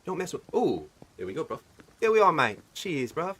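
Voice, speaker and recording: A man's voice: fairly high pitch, big pitch swings, moderate pace, fairly bright tone, breathy edge, pitched above the performer's own voice, exaggerated voice. A man putting on an English accent to play a cocky, breezy English bloke, firing off clipped slangy catchphrases. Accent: put-on English.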